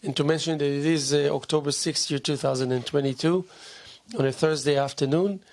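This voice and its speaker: A man's voice: a little high, steady tone, a little fast, darkish tone. A man hosting a local TV talk show, chatting casually and teasing his guest with challenging questions. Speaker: host. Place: local TV studio.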